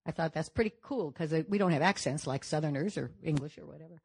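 An older woman from Nevada, a guest answering audience questions on a stage, telling stories in a chatty, animated way. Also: low-pitched, fast, creaky, breathy edge. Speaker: panel guest actress. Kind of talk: audience Q&A chat.

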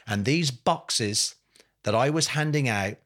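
A man in an interview telling his story with blunt, passionate force. He stacks up lists and repeated phrases, swears freely and keeps calling the host mate. His voice sits at an ordinary middle pitch for a man. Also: takes it slowly, a bit bright. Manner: passionate, rising to angry emphasis, blunt with swearing. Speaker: podcast guest.

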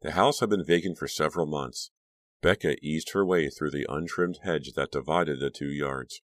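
A man narrating an audiobook in a measured, even storytelling manner. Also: very deep voice, no room sound, studio quality.

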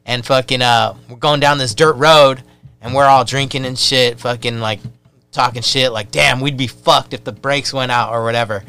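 A man's voice: mid-range voice, steady tone, moderate pace, creaky, sharp tone, smooth. A man, a podcast guest telling a wild story in loose, profane, casual talk.

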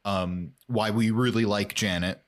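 A man's voice: fairly low pitch, fairly even intonation, measured pace. A man co-hosting a casual podcast, retelling scenes of a TV episode. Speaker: podcast co-host. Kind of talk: casual chat recapping a show.

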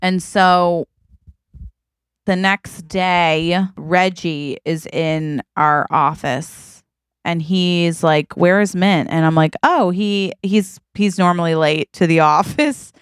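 A woman's voice: fairly low pitch, slow, clear, resonant tone, no echo. A woman co-hosting a podcast, telling a story in casual chat, laughing often and acting out what people said. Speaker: podcast co-host.

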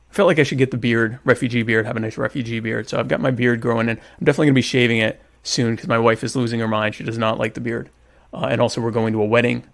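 At home over a meal, a livestream host with a gravelly, mid-range voice chats casually and comically with his viewers. He jokes and teases them in a self-mocking way while eating.

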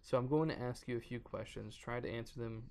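Man reading as a young woman counselor, soft questions, reassuring, gravelly voice, hardly changed. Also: medium pitch, a little fast, slight background noise, lightly acted. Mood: gentle. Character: gentle young female counselor.

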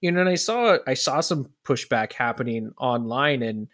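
A man's voice: medium pitch, lively intonation, normal speed, fairly bright tone. A man co-hosting a casual podcast chat, talking earnestly and rambling with many restarts. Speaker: podcast co-host.

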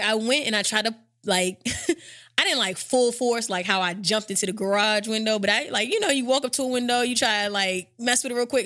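A woman podcast host telling a story in casual chat, animated and profane, acting out what people said. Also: mid-range voice, dry recording, studio quality. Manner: animated, profane, acts out her own quotes.

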